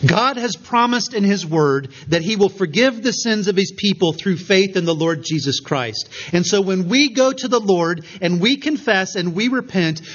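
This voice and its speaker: A man preaching an earnest expository sermon, slowing down with emphatic pauses on key points. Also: high-pitched, fairly bright tone, highs cut off. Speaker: pastor.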